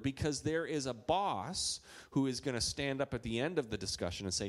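A man in his thirties from Minnesota preaches a sermon in a relaxed, conversational way. He tells stories and adds playful asides. His voice sits at an ordinary middle pitch. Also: a little fast, few pauses. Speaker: pastor.

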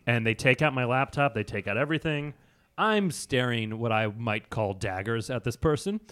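A man's voice: medium pitch, lively intonation, normal speed, a bit bright, clean tone. A man co-hosting a podcast, telling an annoyed travel anecdote in casual chat and acting out both sides of the dialogue. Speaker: podcast co-host.

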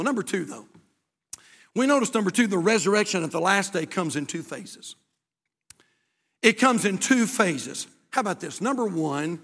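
Older man preaching, high and bright. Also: in a large hall. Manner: folksy, emphatic preaching with repeated phrases. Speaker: pastor. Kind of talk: sermon. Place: church sanctuary.

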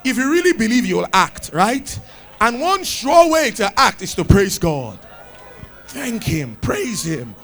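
A man preaching a sermon with exuberant shouts, laughter and cries of praise. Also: high voice, sing-song, slow, soft background music.

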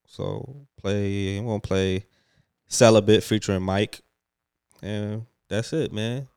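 A man's voice: on the low side, takes it slowly, creaky, darkish tone, clean tone, no echo, studio quality. A man co-hosting a casual podcast, laid-back and teasing, rambling as he introduces songs. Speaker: podcast co-host.

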